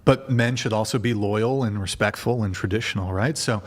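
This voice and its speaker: A man's voice: on the low side, brisk, slight background noise. A man hosting a dating panel on a live stream, blunt and teasing as he questions the guests. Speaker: dating show host.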